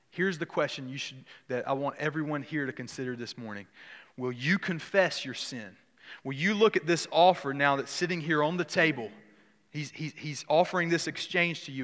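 A man preaching a sermon in a church, earnest, often restarting phrases and dropping soft on key words. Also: a little high, long reverb tail. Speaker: pastor.

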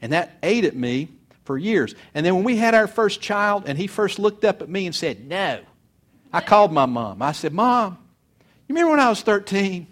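A middle-aged pastor preaching a sermon, earnest, swinging between loud urging and soft confiding. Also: male voice, sits high, sing-song, moderate pace.

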